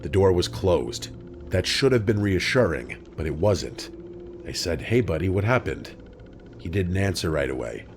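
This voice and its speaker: A man reading a scripted true horror story in a steady, even storytelling manner. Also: low voice, moderate pace, noisy background. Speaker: story narrator.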